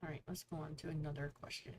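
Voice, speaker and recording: A woman's voice: deep voice, flat delivery, fast talker, a little hiss or hum. A woman hosting a casual author livestream, chatty and telling jokes to viewers. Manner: chatty, joke-telling, reads viewer comments aloud.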